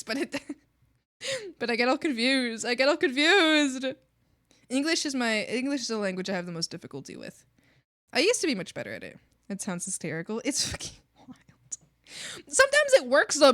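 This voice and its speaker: High-voiced woman chatting while drawing. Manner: animated, bursts of laughter, rambling asides. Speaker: streamer. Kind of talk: casual chat while drawing.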